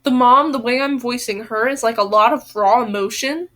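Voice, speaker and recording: A woman reading a novel aloud pauses for chatty asides, filling her talk with "like". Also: fairly high pitch, a bit bright. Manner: chatty, lots of "like". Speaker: audiobook reader.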